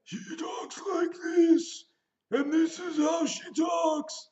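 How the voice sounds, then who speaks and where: A man imitating a creepy female doppelganger in a strained, croaking falsetto. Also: steady tone, slow, a little mellow, roomy sound, shouting, lo-fi sound, heavily acted.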